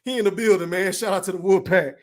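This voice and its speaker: A man in his thirties hosting a livestream, reading out chat comments with brash, profane shout-outs. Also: high voice, steady tone, quick pace. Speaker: podcast host reading live chat.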